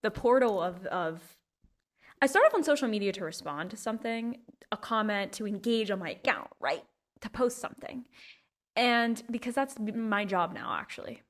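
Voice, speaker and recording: A woman's voice: mid-range voice, animated, moderate pace. A woman hosting a podcast alone at home, chatting casually in a rambling, playful way. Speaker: podcast host. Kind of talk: casual solo chat.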